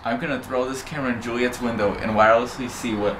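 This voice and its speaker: A teenage boy plays a sneaky TV news agent with a mid-pitched, conspiratorial delivery. A noisy background hums behind him. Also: steady tone, quick pace, lightly acted. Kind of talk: parody news report.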